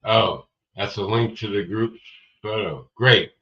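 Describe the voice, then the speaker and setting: Deep-voiced and a little slow, with a pushed, bright tone, a man hosts a chatty livestream. He rambles and reads viewer comments, calling people by name, while the dull lo-fi sound suggests he's sitting distant from the mic.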